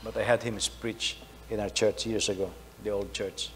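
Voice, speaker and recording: A middle-aged man, preaching a sermon, telling a story and swinging between loud emphasis and soft asides. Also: fairly low pitch, little pitch movement, moderate pace. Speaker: pastor. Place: church hall. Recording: faint hum, long hall reverb.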